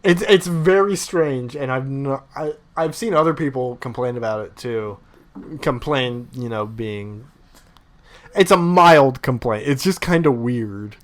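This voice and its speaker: A young man hosting a podcast, chatting casually and ranting with animated, opinionated energy. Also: medium pitch, a little slow. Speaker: podcast host. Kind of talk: casual chat.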